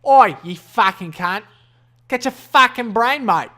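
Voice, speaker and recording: A man doing a loud, crude Australian bloke who swears and drags his words into flat endings. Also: high-pitched, measured pace, pitched above the performer's own voice, full character voice. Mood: brash. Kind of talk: mock accent bit on a solo podcast.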